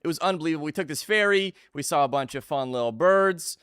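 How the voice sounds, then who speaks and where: A man in his twenties chatting casually with his live stream viewers, energetic and jokey, greeting chat by name. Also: fairly high pitch, fast talker, clean tone, no echo, clean studio sound.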